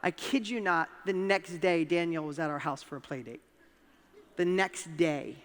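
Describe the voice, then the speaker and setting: Long reverb fills the large hall where this motivational speaker stands onstage before a live crowd. His pitch is fairly high and his tone fairly bright, at a normal speed, as he tells lively stories and asks the listeners questions directly.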